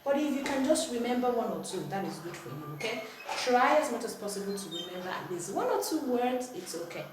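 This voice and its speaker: A woman's voice: a little high, sing-song, fairly quick. A woman with a Nigerian accent teaching a language lesson at home, firmly correcting and repeating words with exaggerated tones. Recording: echoey room, distant mic, faint noise.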